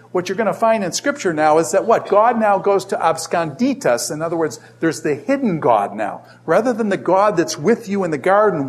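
A middle-aged man lecturing a class on Scripture, often throwing rhetorical questions at his students. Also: high voice. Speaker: Bible teacher.

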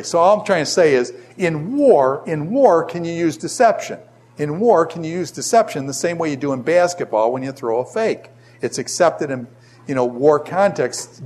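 Animated Bible teacher, Boston accent. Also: male voice, fairly high pitch, slightly rough. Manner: animated, fires rhetorical questions at the class. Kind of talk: classroom Bible lesson.

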